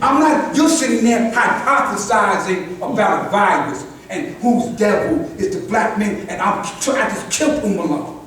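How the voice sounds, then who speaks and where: A man's voice: high voice, lively intonation, measured pace, hardly any pauses, fairly bright tone. Older man preaching in an echoey room. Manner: preachy, repeats "God" as address, restarts often. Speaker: speaker at a community gathering. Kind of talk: impassioned address to a group. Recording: echoey room, distant mic, faint noise.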